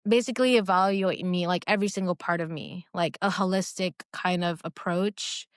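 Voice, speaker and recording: A woman's voice: fairly low pitch, steady tone, moderate pace, no echo, studio quality. A woman telling a personal testimony in a hesitant, emotional way, with many fillers and restarts. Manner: emotional, earnest. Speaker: guest sharing a personal faith testimony. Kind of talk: casual personal storytelling.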